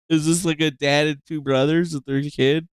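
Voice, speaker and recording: A man's voice: fairly high pitch, smooth, no room sound, clean studio sound. A man streaming, reacting to clips in crude, loose, laughing talk. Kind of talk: casual reaction commentary.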